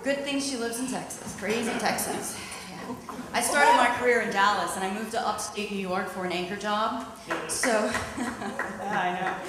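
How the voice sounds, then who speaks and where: A woman's voice: mid-range voice, moderate pace. A woman in her thirties, a former TV news anchor, doing a stand-up set with wry, self-mocking punchlines on a club stage. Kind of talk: stand-up comedy routine. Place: comedy club stage with live audience. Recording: echoey hall with loud background noise.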